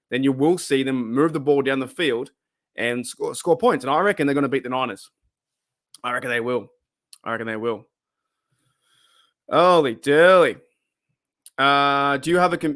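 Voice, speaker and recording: A man's voice: mid-range voice, a bit bright. An Australian man in the middle of his range rambles casually through fan questions, often restarting sentences. He speaks into a desktop microphone in a small room at home. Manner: chatty, rambling, frequent restarts. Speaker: podcast host answering fan questions. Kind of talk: casual solo chat. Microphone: desktop USB microphone.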